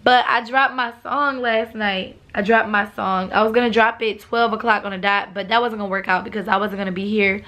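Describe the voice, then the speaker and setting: Young woman vlogger, relaxed and chatty, slightly rough morning voice. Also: medium pitch, a little fast, few pauses. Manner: relaxed, chatty, laughs often. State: morning voice with a cough. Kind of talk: casual vlog talk to viewers.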